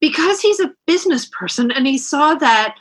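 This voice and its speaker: A woman's voice: high-pitched, lively intonation, normal speed. A middle-aged woman author chatting candidly in an interview, self-deprecating, with many restarts. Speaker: author guest. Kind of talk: casual interview chat.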